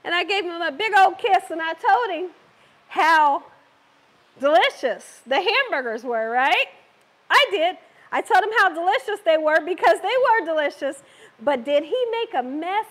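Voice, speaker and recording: A woman's voice: very high voice, lively intonation, unhurried, a bit bright. A woman hosting a live cooking stream from her home kitchen, chatting with viewers and laughing often. She is getting over an illness. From Southern United States. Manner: chatty, talks to viewers and reads comments. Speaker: cooking show host.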